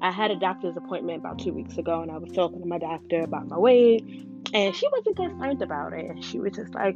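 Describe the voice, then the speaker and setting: A woman's voice: fairly low pitch, animated, fast talker. A woman talking frankly and casually to her viewers, often saying "you know". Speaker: vlogger. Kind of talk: casual talk to camera. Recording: dull lo-fi sound. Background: guitar music playing.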